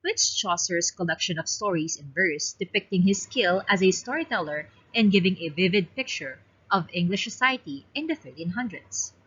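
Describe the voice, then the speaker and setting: Filipino woman teaching, lively husky voice. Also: fairly low pitch, normal speed, hardly any pauses, dull audio. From Philippines. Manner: explains each answer choice in turn. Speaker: exam review teacher. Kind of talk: reading quiz questions and explaining answers.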